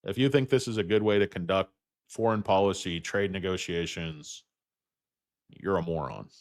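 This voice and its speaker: A man hosting a stock market livestream, ranting bluntly and profanely while answering chat, with loud outbursts and low muttered asides. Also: normal speed, dry recording, studio quality.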